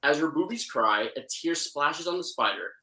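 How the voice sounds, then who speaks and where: Man, podcast co-host, dry mock-serious sarcasm, bright tone, roomy echo. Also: fairly high pitch, animated, moderate pace. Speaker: co-host film reviewer. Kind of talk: sarcastic plot recap in a casual podcast chat.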